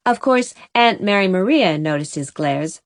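A woman's voice: mid-range voice, normal speed, no room sound. Woman reading a storybook, dry sound. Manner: steady, expressive reading. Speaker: audiobook narrator. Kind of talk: scripted storybook narration.

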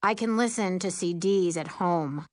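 A woman's voice: on the low side, a little slow, no room sound, clean studio sound, lightly acted. A woman voicing a theatrical, indignant teenage student.

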